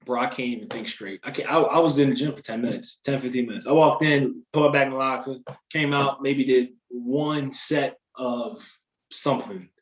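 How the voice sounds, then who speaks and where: A young man telling a story in casual chat, animated and slangy, swearing freely. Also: medium pitch, normal speed, reverberant.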